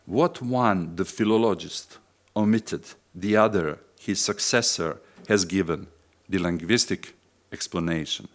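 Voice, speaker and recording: Male lecturer, Bosnian accent, reads a dense academic paper, lowish voice, very unhurried. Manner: measured, deliberate reading with pauses and self-corrections. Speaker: philosophy lecturer. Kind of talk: academic lecture read from a text.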